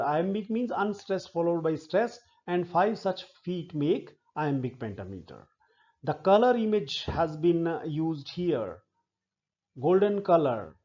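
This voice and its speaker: A man lecturing on a poem, explaining it slowly and step by step and often repeating words. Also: fairly high pitch, animated, a little mellow, highs cut off. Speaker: literature lecturer.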